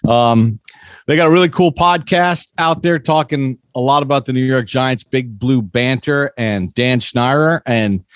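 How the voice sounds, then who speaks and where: Animated male sports podcast host. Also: medium pitch, no room sound, studio quality. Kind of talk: casual sports talk.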